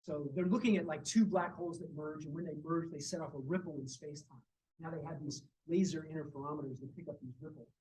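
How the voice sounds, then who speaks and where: In a lecture room, a man delivers a university physics lecture full of personal anecdotes, telling lively stories about his colleagues and acting out their quoted words. His voice sits on the high side and moves fast. A distant mic catches faint background noise.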